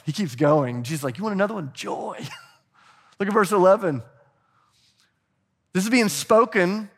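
Man pastor, middle-aged, lively sermon delivery, slightly high-pitched, calls on the congregation. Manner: animated preaching, urging the congregation to respond.

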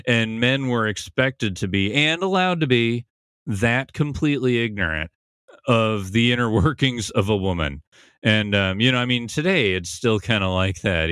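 A man's voice: fairly low pitch, fairly bright tone, smooth, dry recording, clean studio sound. A man hosting a podcast, casually recapping and analyzing a TV episode in a thoughtful, conversational way, thinking aloud as he goes. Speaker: podcast host.

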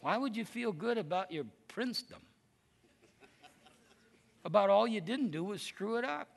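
A man preaching a lively, emphatic sermon to a congregation. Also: high voice, moderate pace, creaky. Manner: lively storytelling, animated and emphatic.

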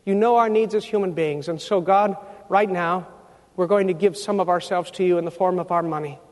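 A man with a high voice preaches a sermon as pastor, building emphatic, loud climaxes. His voice rings out in a church sanctuary with a long hall reverb. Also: a little fast.

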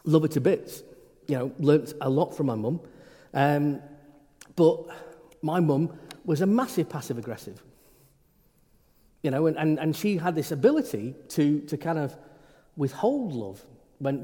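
Heard in a reverberant hall, a middle-aged male priest delivers a loose, conversational sermon full of stammered restarts. The voice is a little high and dark, expressive, at a moderate pace.

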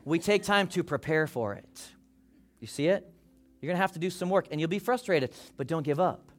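Animated preacher man, faint music behind. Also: a little high. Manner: animated, acts out congregants' worries in quick quoted asides. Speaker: pastor. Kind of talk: sermon.

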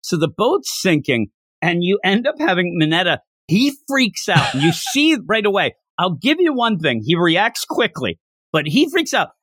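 A man talks with a lively, swooping voice sitting a little high, retelling a story with plenty of animation. His voice is dry and close, with almost no room sound. He sounds like a podcast host in an easygoing chat. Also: moderate pace, breathy edge, no room sound. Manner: animated storytelling, acting out quotes. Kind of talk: casual manga discussion.

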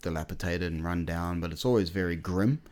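A man with a very deep, low-pitched voice chats casually on a podcast. He rambles with enthusiasm, stacking fillers and restarting his sentences as he goes. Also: brisk, a little mellow. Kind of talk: casual chat.

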